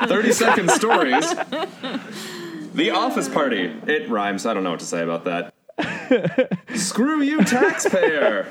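A man hosting a casual podcast, bantering quickly and laughing often. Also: sits high. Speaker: podcast host.

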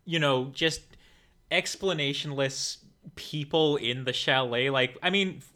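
A man's voice: a little high, measured pace, sharp tone. A man co-hosting a podcast, talking in a loose, rambling way full of fillers. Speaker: podcast co-host. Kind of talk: casual chat.

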